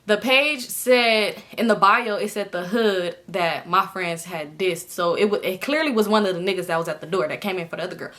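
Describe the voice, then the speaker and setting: A woman with a bright, forward voice tells a wild story to her viewers. She talks loose and slangy, swears freely and speaks right to the audience. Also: medium pitch, a little fast, hardly any pauses. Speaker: storytime vlogger.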